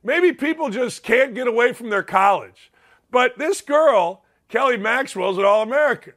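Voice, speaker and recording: Middle-aged male talk host from Indiana, high bright voice, blunt opinionated monologue. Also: expressive, moderate pace. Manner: blunt, fired up, repeats phrases for emphasis. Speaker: sports radio host.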